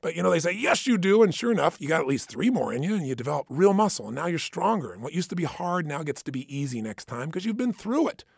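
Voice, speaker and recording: A man giving an intense, emphatic motivational talk, swinging between loud bursts and hushed asides. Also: on the high side, big pitch swings, fast talker, vocal fry, few pauses, breathy edge, no room sound, clean studio sound. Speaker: motivational speaker.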